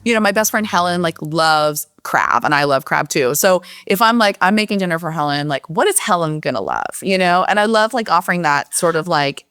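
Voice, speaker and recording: Chatty woman with a low, dry voice. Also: expressive, a little fast, hardly any pauses, a bit bright, dry recording. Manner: rambling, heavy use of "like". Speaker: cookbook author guest. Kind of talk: casual podcast conversation.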